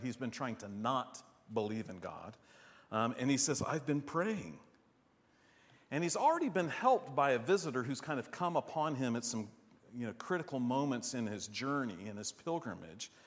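A man preaching a sermon in an animated, rhetorical way, often asking "right?". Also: medium pitch. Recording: long hall reverb.

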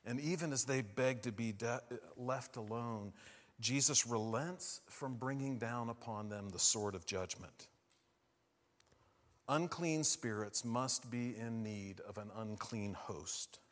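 A man preaching a sermon, asking his listeners questions and moving between hushed and loud, emphatic lines. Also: mid-range voice, slow, big-room sound.

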